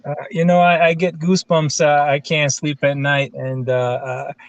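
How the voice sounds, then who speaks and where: A man calling in to a livestream, speaking hesitantly with many pauses and fillers. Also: a little high, little pitch movement, dry recording, muffled recording. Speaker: caller on a livestream.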